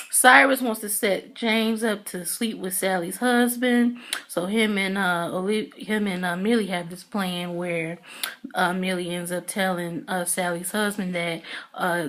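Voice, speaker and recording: A woman talks through the plot of a TV episode in a loose, chatty way. Her voice sits at an ordinary middle pitch, and she keeps stringing thoughts together with "you know" and "uh". Now and then she slips into short bits of the characters' lines. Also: fairly bright tone. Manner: rambling storytelling, full of "you know" and "uh"; acts out characters' lines in quick asides. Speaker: TV episode reviewer. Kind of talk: casual recap of a TV episode.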